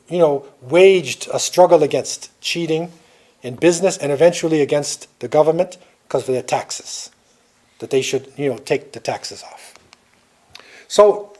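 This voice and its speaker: A man's voice: on the high side, mellow. Older man lecturing a class, storytelling. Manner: storytelling, checks in with "right?".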